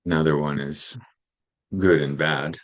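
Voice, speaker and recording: A man narrating instructional guidance for teaching, speaking in a calm, explanatory way. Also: very deep voice, a little slow. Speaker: teacher trainer.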